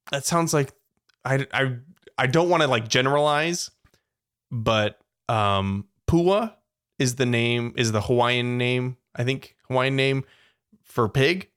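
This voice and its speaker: A man's voice: mid-range voice, fairly bright tone, clean tone. A man co-hosting a casual podcast, playfully thinking aloud and laughing as he guesses. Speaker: podcast co-host. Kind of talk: casual quiz chat.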